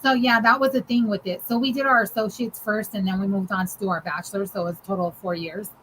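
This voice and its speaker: A woman's voice: medium pitch, steady tone, fast talker, a bit bright, a little hiss or hum, poor audio. A woman co-hosting a podcast, telling a story in casual chat, full of "like" and "dude" and laughing as she goes. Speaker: podcast co-host.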